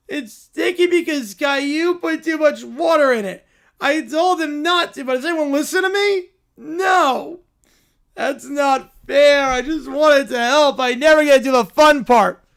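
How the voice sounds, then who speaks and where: A bossy young child whines and complains in a raised, pushed voice, as a man puts it on. Each word is stretched out slowly, as if the kid can't stand how unfair everything is. It sounds like a skit read aloud rather than a polished cartoon. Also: very high-pitched, creaky, a bit bright, voice pushed up, full character voice. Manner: whiny, complaining, drawn-out. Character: whiny, bossy young child making pizza. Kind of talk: reading an AI-written skit aloud.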